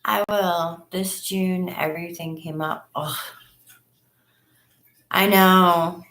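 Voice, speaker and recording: Speaking slowly in a steady, fairly bright voice, a woman hosts a relaxed home live stream and talks warmly and chattily with her webcam viewers. She frequently reenacts things she once said using a higher pitch, and the room sounds echoey.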